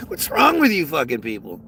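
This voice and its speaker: A man's voice: fairly high pitch, huge pitch swings, normal speed, bright, forceful tone, a little hiss or hum. A man ranting heatedly and profanely on a livestream, reading chat and often restarting his sentences. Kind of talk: casual livestream rant.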